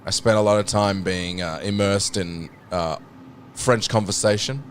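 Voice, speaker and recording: Speaking unhurriedly in a fairly low voice, a man from Britain streams a game with background music and slight background noise. His commentary is casual, and he swears and cracks jokes while reading the chat out loud.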